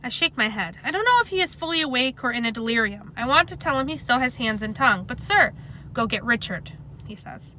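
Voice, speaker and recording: A woman reads a chapter of a novel aloud with a bright, sharp tone and a slightly high voice. Her delivery is plain, steady and conversational, with a faint hum of noise behind her. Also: fast talker, few pauses, rough recording. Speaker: reader.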